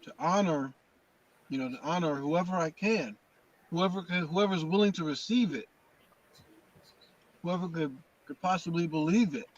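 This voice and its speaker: A man's voice: high voice, dull audio. Man talking faith, repeating as he goes. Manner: repeats words and restarts, preacherly emphasis. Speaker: host. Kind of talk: casual spiritual talk.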